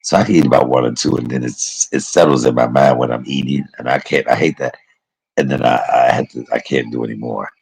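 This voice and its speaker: A man's voice: very deep voice, steady tone, brisk, creaky, darkish tone, breathy edge, rough recording. A man chatting casually and rambling on a livestream, calling his viewers y'all and baby. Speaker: live streamer.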